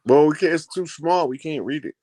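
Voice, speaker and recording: A man's voice: fairly high pitch, fairly quick, warm tone, dry recording. A man on a casual live video call, giving brief, matter-of-fact replies about what he can see.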